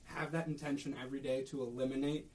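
A man's voice: medium pitch, level tone, fast, a little hiss or hum. A young man with a Minnesotan accent, co-hosting a casual podcast chat and telling stories in which he acts out his coworkers. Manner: storytelling, acts out coworkers' voices. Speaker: podcast co-host.

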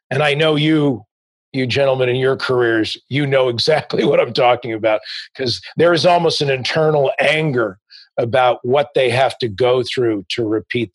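A man with a husky, slightly rough voice, recorded dry and close. He tells a long anecdote as a sports agent in an interview, slipping into the voices of himself and his client on the phone. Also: mid-range voice, dry recording. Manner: anecdotal, acts out both sides of phone calls. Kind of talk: interview storytelling.

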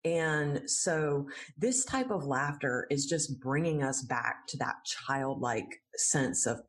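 A woman who teaches laughter yoga, explaining it in a friendly way in an interview and laughing easily. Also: deep voice. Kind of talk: interview answers.

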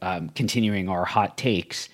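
A man with a fairly low voice talks sports in a measured, analytical way. He lays out his argument steadily in casual conversation.

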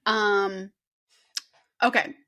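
A woman's voice: mid-range voice, steady tone, drawn-out words, sharp tone. A young woman co-hosting a podcast, chatting casually and reading a true crime case from her script with a giggle here and there. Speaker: podcast co-host presenting the case.

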